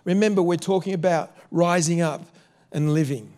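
Male preacher, high-pitched, earnest sermon delivery with direct questions to the congregation. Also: normal speed, darkish tone. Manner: earnest, repeats words, asks the listeners direct questions.

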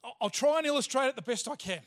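A man's voice: very high-pitched, lively intonation, quick pace, fairly bright tone. A male pastor preaching a sermon in church, emphatic, repeating phrases and restarting himself. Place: church hall.

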